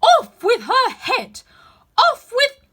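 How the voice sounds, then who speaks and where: A woman voicing a furious queen in a storybook reading, with a shrill voice yelling commands. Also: huge pitch swings, very slow, exaggerated voice. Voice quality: shrill, screeching. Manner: yelling commands at full volume.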